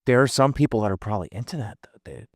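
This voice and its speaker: A man's voice: mid-range voice, fast talker, no room sound, clean studio sound. A man with a Philadelphia accent co-hosting a podcast in casual, profane banter, rambling and slipping into joking voices. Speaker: podcast co-host.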